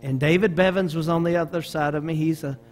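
Over slight background noise, a middle-aged pastor from Arkansas preaches fast in a Southern American accent, his pitch on the high side. He spins animated stories throughout the sermon and restarts himself often.

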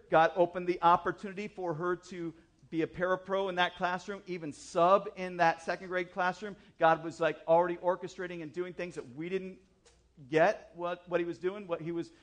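Male pastor telling a story in a sermon, kinda high voice, chatty with little jokes. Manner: chatty, animated storytelling with asides and self-deprecating jokes. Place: church service.

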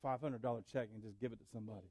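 A man preaching a sermon in church, building up to loud fervor. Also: lowish voice, fairly even intonation, racing, breathy edge. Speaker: pastor. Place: church sanctuary.

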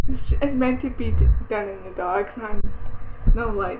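High-pitched giggly teenage girl ranting. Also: normal speed. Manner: chatty, giggly, rambling and exasperated. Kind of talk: casual webcam vlog rant. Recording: tinny phone-like webcam audio, faint hiss.

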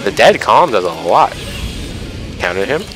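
A young man giving excited, self-mocking commentary over his own online fighting game matches, often yelling at big moments. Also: lowish voice, measured pace. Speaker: gaming YouTuber. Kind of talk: live gameplay commentary. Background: background music.

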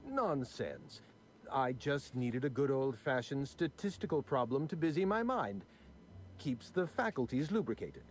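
A man's voice: mid-range voice, sing-song, unhurried, husky. An actor playing a prim, numbers-obsessed aristocratic man in video game dialogue, fussy and condescending with precise diction. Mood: dry.

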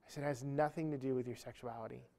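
A man's voice: mid-range voice, fairly even intonation, very fast, vocal fry, a little mellow. A man speaking at a church event, telling a humorous, self-deprecating story within a sermon-style talk.

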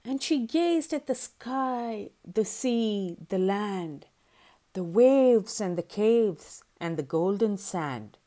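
A woman reading a rhyming children's story aloud in a sing-song voice. Her pitch rises and falls widely with each line, and she takes her time, letting each rhyme land slowly. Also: animated, dark tone.

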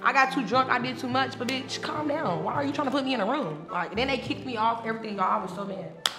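A woman's voice: fairly high pitch, fast. A woman who is a reality TV personality, looking back on her show in a brash, profane, unscripted monologue and laughing often. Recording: echoey room with music underneath. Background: music.

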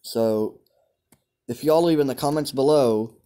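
A man's voice: medium pitch, measured pace, warm tone. Chatty young man, rambling gameplay commentary. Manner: chatty, rambling, many ums. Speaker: gaming channel host.

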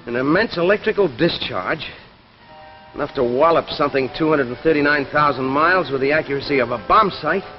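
A man's voice: on the high side, expressive, fairly quick, natural voice. An actor in a 1950s TV drama, playing an earnest man who thinks aloud as he reasons out a mystery. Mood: musing. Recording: dull old 1950s TV soundtrack. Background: music.

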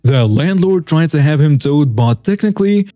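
A man's voice: on the high side, expressive, moderate pace, mellow, dry recording, soft background music. A man narrating scripted reader stories, reading every character's lines in much the same voice. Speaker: story narrator.

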